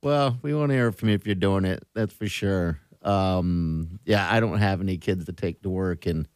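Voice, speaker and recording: A man hosting a morning radio show, upbeat, pitching the call-in line and the coming giveaways between chat. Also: moderate pace, darkish tone, no echo, clean studio sound. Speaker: lead morning radio host. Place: radio studio.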